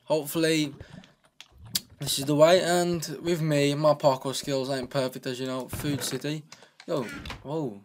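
A man's voice: a little high, little pitch movement, a little slow, slight background noise. A man giving casual, joking commentary on his own gameplay, chatting away and talking to himself at a desk microphone. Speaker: gaming channel host.

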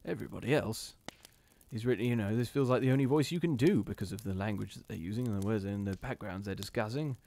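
A man's voice: lowish voice, fast, creaky, darkish tone. A man hosting a live ghost story reading, chatting casually with his viewers between passages in a self-deprecating way.

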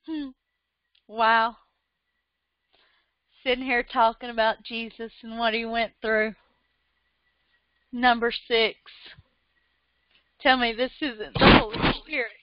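A woman's voice: a little high, fairly even intonation, slow, long pauses, dry recording. A woman preaching a fervent, emotional sermon online, repeating phrases and laughing through tears. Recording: dull lo-fi sound.

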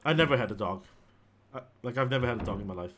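Uk guy streaming a horror game, bright voice, jokey and excitable. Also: mid-range voice, rapid-fire. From United Kingdom. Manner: joking, excitable, bursts of loud surprise. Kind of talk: casual chat over gameplay.

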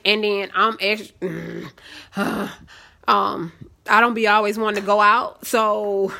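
A young woman, hosting a casual live stream and telling sassy, animated stories. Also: on the high side. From Southern United States.

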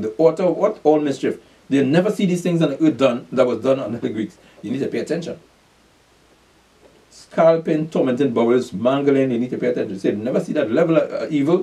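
Insistent preacher, far from the mic. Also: male voice, medium pitch, warm tone. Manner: reads scripture aloud, then drills listeners with call-and-response questions; repeats "pay attention" insistently, with brief chuckles. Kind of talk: scripture reading and sermon.

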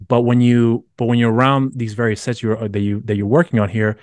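Fast-talking podcast host, dry sound. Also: male voice, mid-range voice, flat delivery, a little mellow, no echo. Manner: long, winding questions. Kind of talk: casual interview chat.

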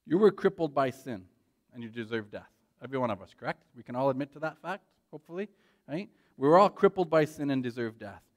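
A man preaching a sermon in a church, animated and conversational, often checking in with "right?". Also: medium pitch, brisk. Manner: animated, frequent "right?" tag questions. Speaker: pastor.

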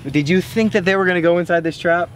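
A young man vlogging outdoors by a pond, excited and hyped, talking to his pet fish and his viewers. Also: high voice, fast, slight background noise. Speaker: fishing vlogger. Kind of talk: casual outdoor vlog talk.

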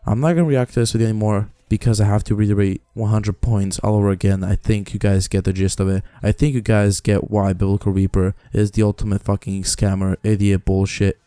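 A man's voice: lowish voice, flat delivery, a little fast, hardly any pauses, dark tone, smooth, no room sound. A man hosting a reaction video, ranting in a profane, exasperated, mocking way. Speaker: reaction channel host. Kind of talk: ranting commentary.

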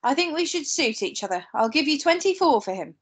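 A woman voicing a gentle, cheery male cab driver in a read-aloud story. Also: high-pitched, sing-song, a little fast. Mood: kindly. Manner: gentle and decided. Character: kind, cheery grown man, a cab driver.

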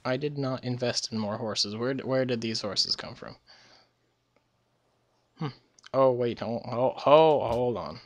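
A man's voice: medium pitch, a little slow, pauses often, a bit bright. A tired man giving casual, rambling commentary over a strategy game, often correcting himself mid-sentence. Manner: rambling, self-correcting, chatty. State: recovering from illness. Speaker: let's play gamer.

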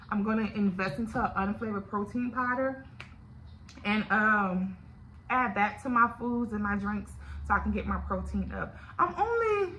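A woman's voice: medium pitch, sharp tone, a little hiss or hum, rough recording. A woman with a Louisiana accent, chatting candidly and directly to her viewers in a casual video diary. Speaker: vlogger. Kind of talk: casual chat to camera.

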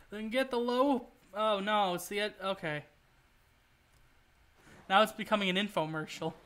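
Male streamer, high voice, bright tone, rambling jokey gameplay commentary, swears at setbacks. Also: unhurried, pauses often. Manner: rambling, joking, swears at the game.

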